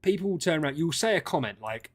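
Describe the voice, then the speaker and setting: A man's voice: a little high, fast talker. Ranting man streaming. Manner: ranting, animated, swears freely. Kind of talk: casual livestream chat.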